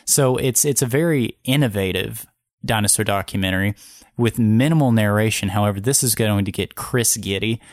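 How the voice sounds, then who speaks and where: A man's voice: lowish voice, moderate pace, no echo, clean studio sound. A man co-hosting a podcast in casual chat, joking and self-deprecating. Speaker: podcast co-host.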